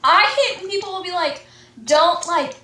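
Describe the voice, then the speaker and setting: A woman's voice: extremely high pitch, moderate pace, pushed and bright, recorded from a distance. A teenage girl in casual chat, rambling and saying "like" constantly as she complains. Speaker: co-host. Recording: echoey room from off-mic.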